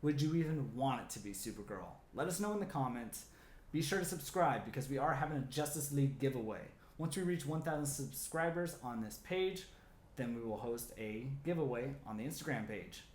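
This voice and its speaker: A man hosting a comic theory video, talking casually and excitedly with lots of "like" fillers. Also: mid-range voice, fairly quick, reverberant. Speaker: comic theory channel host.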